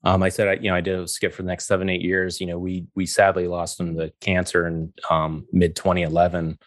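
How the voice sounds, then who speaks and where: A middle-aged man with a very low voice tells stories in a relaxed chat, and he acts out every quote. The sound is close and dry, with no room around it. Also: fairly quick, dry recording. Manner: animated, acts out quotes, laughs often. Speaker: guest. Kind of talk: casual storytelling interview.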